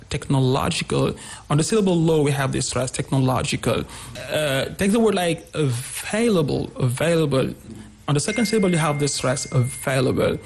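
A man's voice: on the high side, darkish tone, breathy edge. A man teaching English pronunciation, explaining word stress and repeating each example word several times.

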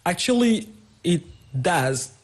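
Husky man teaching English stress. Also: high-pitched, sing-song, slow pace. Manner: patient, instructive, repeats example words. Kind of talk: radio interview, explaining pronunciation.

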